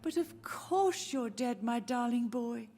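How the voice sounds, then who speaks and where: A woman's voice: on the high side, expressive, slow, warm tone, full character voice. An actress playing a frail, confused elderly mother who speaks in a wistful, drifting, tender way, in video game dialogue with faint music beneath. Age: older.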